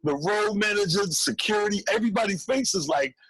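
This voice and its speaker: A man, a comedian telling an animated story on a call-in show, acting out voices. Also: high voice, quick pace, husky, dry recording, low-quality recording. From Brooklyn, New York. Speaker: comedian guest.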